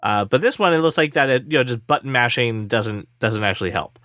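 A man's voice: mid-range voice, expressive, a little fast, a bit bright, dry recording. Bantering man on a dry mic. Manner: playful, mock-offended banter. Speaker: podcast co-host. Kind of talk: casual tech podcast chat.

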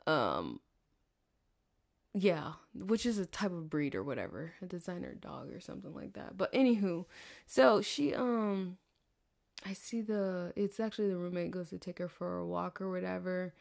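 A young Southern woman rambles through a personal story in casual monologue, cursing and laughing as she goes. Her voice carries a gravelly, fried edge. She trails off, restarts and drifts between asides. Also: on the low side, lively intonation, normal speed, darkish tone. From American South. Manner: chatty, profane, laughs often, trails off. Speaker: podcast host.

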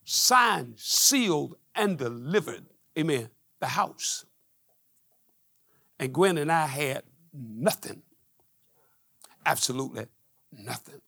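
A middle-aged man preaching a testimony sermon, telling stories with quoted dialogue and rising to shouts. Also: a little high, expressive, takes it slowly, creaky, pauses often, husky, dry recording, studio quality. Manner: call-and-response preaching, climbing to shouts.

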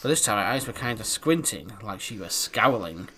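A man's voice: fairly low pitch, lively intonation, normal speed, a bit bright, a little hiss or hum. A man co-hosting a comedy podcast, talking in casual banter, laughing often and swearing freely. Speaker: podcast co-host.

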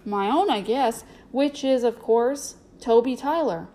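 A shy, well-mannered runaway boy speaks in an earnest, eager way, as a woman reads him in a storybook, with a voice set fairly high. The lines are plainly told in a storybook reading. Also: unhurried, dark tone.

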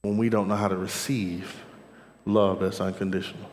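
A man preaching a sermon, calling out to the congregation with "Amen?" and dropping from loud cries to soft murmurs. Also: flat delivery, moderate pace, slight background noise. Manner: call-and-response preaching, "Amen?" to the crowd; swings between soft murmurs and loud high shouts. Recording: long hall reverb.

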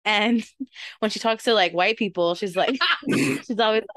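A woman's voice: mid-range voice, a little slow, a bit bright, dry recording. A woman co-hosting a podcast in casual chat, giggling often while she tells stories. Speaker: podcast co-host.

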